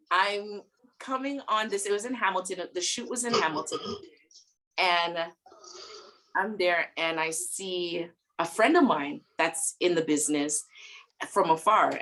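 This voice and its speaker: A woman guest in a casual interview, retelling a story in an animated, dramatic way and laughing often. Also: lowish voice, slow, long pauses.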